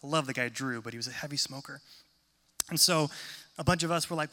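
Male pastor, sermon with funny stories, bright, fairly high voice, echoing hall. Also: quick pace, pauses often. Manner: self-deprecating, conversational, animated when telling stories. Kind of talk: sermon with humorous storytelling. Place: church hall. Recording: long reverb of a large hall.

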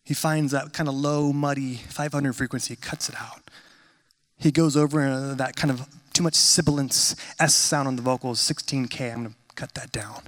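A man in his thirties preaching a sermon in a conversational, animated storytelling manner. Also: mid-range voice, moderate pace. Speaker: pastor.

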